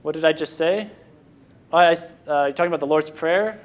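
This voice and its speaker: A young American man from Michigan giving an informal Sunday school talk, halting and often restarting his sentences before taking questions. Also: on the high side. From Michigan, USA.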